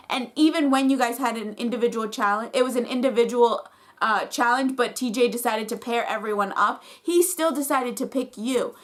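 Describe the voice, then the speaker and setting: A woman's voice: a little high, a bit bright. A woman vlogger recapping a reality competition episode in a casual, opinionated way, fired up and full of "like".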